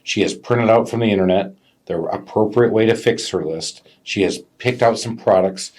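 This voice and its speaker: A man co-hosting a casual business podcast, an animated storyteller who acts out customers' voices. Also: on the low side, moderate pace. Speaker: podcast co-host, business owner.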